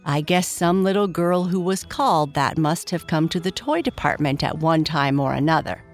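A woman's voice: sits low, moderate pace, soft background music. Woman reading a children's story.

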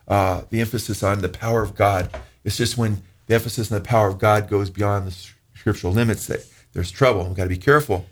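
A man preaching a sermon as pastor, talking earnestly, rising in pitch for emphasis and slowing down when he reads scripture. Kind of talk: sermon teaching.

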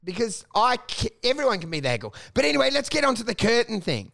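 A young man co-hosting a comedy podcast, telling stories in animated bursts, acting out quotes with big jumps in pitch, laughing often. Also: fast talker, gravelly, background noise. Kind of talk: casual podcast banter.

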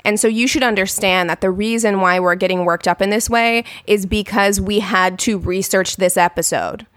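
In a casual podcast discussion, a woman co-host speaks in an earnest, measured way. Her mid-range voice has fairly even intonation and a fairly bright tone, and the recording is dry with clean studio sound.

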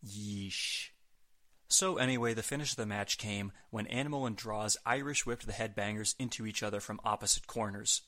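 Bright-voiced man, wry scripted recap. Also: fairly low pitch, a little fast, hardly any pauses. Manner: wry, sarcastic asides. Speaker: podcast host. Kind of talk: scripted wrestling recap narration.

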